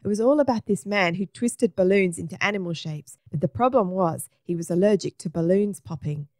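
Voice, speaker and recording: A woman narrating a children's story aloud in a clear, even way. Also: fairly low pitch, fairly quick, no echo, clean studio sound. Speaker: storybook reader.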